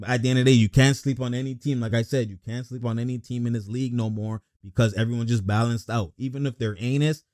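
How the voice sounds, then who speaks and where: A young man giving casual, excitable basketball reaction commentary, blunt and slangy, laughing often. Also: mid-range voice, fast talker, few pauses, no echo, clean studio sound.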